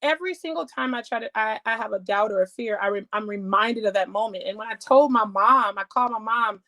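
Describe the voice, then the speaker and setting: Animated woman telling her testimony. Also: on the high side, fairly quick. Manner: animated storytelling, acts out quoted voices. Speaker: guest. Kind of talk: testimony in casual talk.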